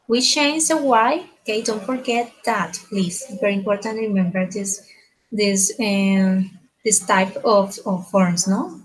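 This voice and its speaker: Woman teacher, measured unhurried delivery, keeps checking in with "okay?". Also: mid-range voice, slightly rough, rough recording. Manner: slow, repeats words, ends phrases with tag questions. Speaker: English teacher. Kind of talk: slow grammar lesson.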